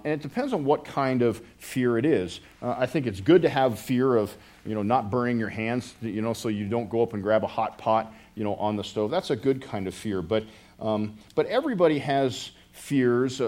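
A man's voice: mid-range voice, normal speed, darkish tone. A middle-aged man from the United States preaching a casual sermon, rambling with many restarts and joking asides to his congregation. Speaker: pastor.

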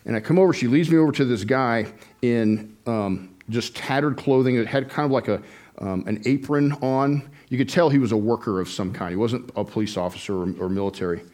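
A middle-aged man preaching to a congregation, moving between a personal mission story and an earnest call to faith. His pitch is mid-range, and he talks in a loose, conversational way, with frequent ums and restarted phrases. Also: a little fast, darkish tone. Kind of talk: sermon testimony.

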